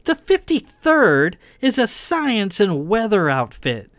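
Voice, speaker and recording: A man reading a hot-tempered, insubordinate young woman lieutenant, mocking and sharp-tongued. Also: fairly high pitch, lively intonation, takes it slowly, dry recording, exaggerated voice. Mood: condescending. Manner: condescending, shouting and mocking.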